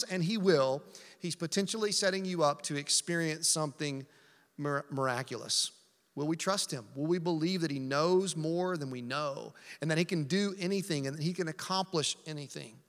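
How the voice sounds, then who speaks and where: A man preaching a sermon in a high, bright voice, pressing his points with repetition and rhetorical questions. His words carry a long hall reverb. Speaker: pastor.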